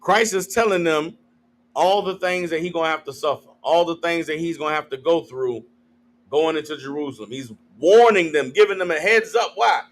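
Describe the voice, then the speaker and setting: Man, high voice, slangy street-style scripture teacher, calls and waits for responses. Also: normal speed. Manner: call-and-response with the room, slangy, acts out quotes.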